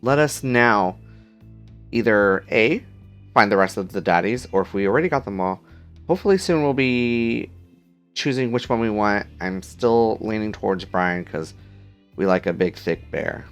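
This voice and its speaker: A man's voice: fairly low pitch, normal speed, clean tone, lo-fi sound, faint music behind. A man hosting a game playthrough, reading the text aloud with joking, playful asides. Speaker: let's play host.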